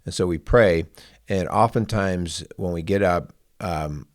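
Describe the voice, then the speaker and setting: A middle-aged man with a deep voice co-hosts a parenting podcast, speaking in a measured, reflective way. The recording is close and dry. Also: no room sound. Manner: measured, reflective, with occasional throat clearing. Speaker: podcast co-host, counselor. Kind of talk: casual parenting podcast chat.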